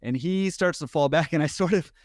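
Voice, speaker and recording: A man's voice: fairly high pitch, no room sound, studio quality. A man, a podcast guest, telling a story casually and with energy, chuckling as he goes. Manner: animated, quick, laughing at his own story.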